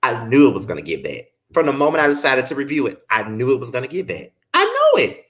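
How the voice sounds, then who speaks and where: A man's voice: mid-range voice, expressive, quick pace, a bit bright. A man casually reviewing a reality show, exasperated and profane, often incredulous. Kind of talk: casual commentary vlog.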